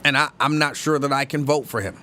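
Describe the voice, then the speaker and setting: A man from hosting a live-stream show, chatting casually and reading viewer comments, opinionated and halting, with many restarts. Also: mid-range voice, bright, forceful tone, slight background noise. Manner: conversational, opinionated, halting with frequent restarts and fillers.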